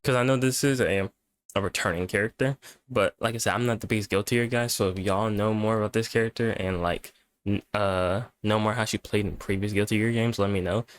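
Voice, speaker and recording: Young male reaction host, lower voice, rambling laid-back commentary, worn out. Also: steady tone, brisk, no echo. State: tired. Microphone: webcam setup at home.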